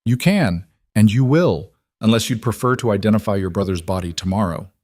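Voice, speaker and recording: A man voicing a cold, controlled mafia boss who states threats calmly and matter-of-factly. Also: lowish voice, brisk, no room sound. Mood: commanding. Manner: calm, clipped, matter-of-fact threats.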